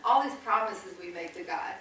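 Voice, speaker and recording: A woman's voice: mid-range voice, expressive, moderate pace, fairly bright tone, distant mic, a little hiss or hum. Chatty woman missionary in echoey church. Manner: chatty, laughing, folksy asides. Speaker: missionary speaker. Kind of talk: church talk. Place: church sanctuary.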